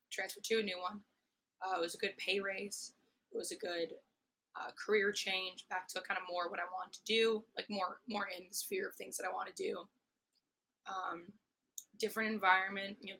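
A young woman talks through a casual solo podcast, chatty and quick to swear, slipping into playful mock-angry rants. Her voice is bright and edgy but hoarse and husky, worn out from screaming. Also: medium pitch, rough recording. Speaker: podcast host.

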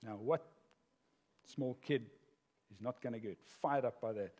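An older man preaching a sermon as pastor, an animated storyteller who laughs at his own jokes. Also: mid-range voice, a little slow. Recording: long hall reverb.

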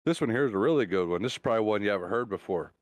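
A man's voice: fairly low pitch, lively intonation, no echo. A man co-hosting a casual podcast, telling long jokes with loose, rambling delivery. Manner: drawn-out joke telling with character voices. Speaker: podcast co-host.

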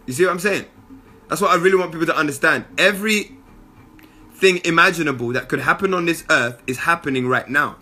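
A young man gives a casual motivational monologue, slangy and animated, full of asides. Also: on the high side, fast talker, slightly rough.

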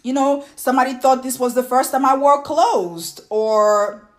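A woman's voice: high voice, a little slow. A young woman from Côte d'Ivoire with an Ivorian French accent, hosting a casual monologue and ranting with lots of fillers and restarts. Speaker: podcast host.

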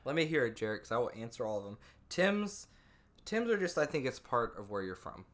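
A man's voice: mid-range voice, sing-song, brisk, a bit bright. A young man co-hosting a casual podcast, teasing his friend, laughing often and swearing freely. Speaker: podcast co-host. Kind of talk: casual chat.

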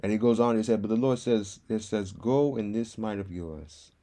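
A man's voice: fairly low pitch, moderate pace, dark tone. A man preaching a podcast sermon with passion, repeating lines for emphasis.

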